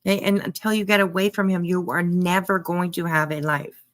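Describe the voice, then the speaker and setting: A woman with a fairly low, flat voice speaks quickly. She's a commentary streamer reacting to a clip live, answering the person on screen bluntly and with emphasis.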